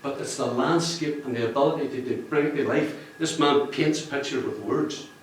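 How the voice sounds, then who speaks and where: A man's voice: mid-range voice, moderate pace, a little hiss or hum. A man giving a jokey, rambling speech to an audience at a book launch. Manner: jokey, rambling, laughs at his own jokes. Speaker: book cover artist speaking at a launch. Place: function room with an audience. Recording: echoey room, distant mic.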